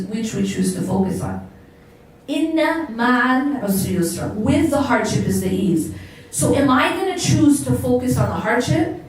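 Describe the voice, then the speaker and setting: An American woman with a fairly high voice delivers a motivational religious lecture to a live audience, frequently posing questions to listeners and repeating words for emphasis. The recording has a faint hiss or hum and was captured with a distant mic in a very echoey hall.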